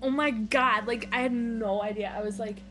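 A young woman recording a casual video blog at home on a webcam. She talks in a gushing, excitable way, full of "like" and laughter. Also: on the high side, moderate pace. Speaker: vlogger. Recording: webcam audio with a TV and music behind. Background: TV show with music playing.

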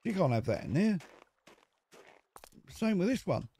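Jokey male gaming host, lively up-and-down delivery, mellow tone. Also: high voice, measured pace, gravelly, slightly rough. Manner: chatty, jokey, talks to himself while playing. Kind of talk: casual let's-play commentary.

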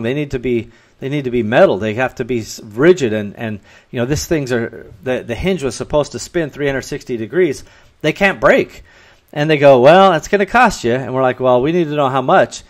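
A man hosting a podcast, giving earnest business advice in a solo talk and acting out bits of dialogue. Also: medium pitch. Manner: earnest and advising, acts out dialogue in quotes. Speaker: podcast host.

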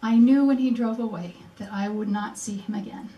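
An older woman speaks at a memorial event in a museum presentation room, her mid-range voice steady and a little fast. She tells her story earnestly, acting out remembered conversations. The recording is muffled and echoey, with the mic set at a distance.

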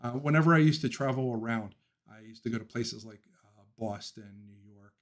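Chatty opinionated Philly-raised livestream host. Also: male voice, medium pitch, moderate pace. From Philadelphia. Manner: laughs often, opinionated ranting; talks through thoughts with frequent ums and restarts. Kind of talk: casual livestream chat, reading viewer comments.

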